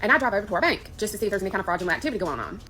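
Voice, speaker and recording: A woman casually recounting how she was scammed, frustrated and animated. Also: mid-range voice, racing, rough recording. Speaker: person telling her scam story. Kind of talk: casual storytime.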